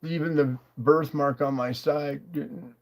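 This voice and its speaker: A man on a livestream telling a personal story in a halting, rambling way, full of fillers and restarts. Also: fairly high pitch, steady tone, a little mellow. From Nevada, USA. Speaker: livestream host.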